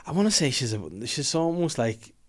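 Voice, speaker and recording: A man's voice: mid-range voice, big pitch swings, normal speed, slight background noise. Give me a man in his thirties hosting a casual podcast, telling stories and swearing freely. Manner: swearing, storytelling, rambling. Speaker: podcast host.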